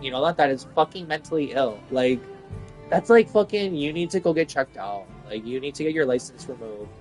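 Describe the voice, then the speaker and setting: A man's voice: mid-range voice, expressive, fairly quick, darkish tone, soft background music. A man in a casual, profane rant about his workplace, exasperated and rambling, with lots of fillers. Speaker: vlogger venting about work.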